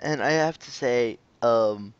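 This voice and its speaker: A man hosting a casual online interview, excitable and gushing, laughing often. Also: medium pitch, slow, clean tone, dry recording, dull audio. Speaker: interview host.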